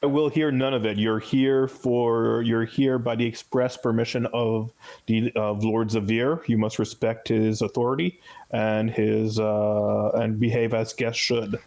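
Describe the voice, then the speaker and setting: A man's voice: mid-range voice, little pitch movement, unhurried, a little mellow, lightly acted. A man voicing a stern, formal male castle steward scolding a guest in a tabletop game.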